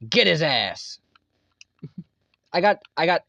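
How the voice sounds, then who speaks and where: A young man streaming a game, chatting casually, excitable and full of swearing and laughter. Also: fairly high pitch, a little slow, vocal fry, long pauses, no room sound. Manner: excitable, profane, laughs a lot. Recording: dull lo-fi mic, dry.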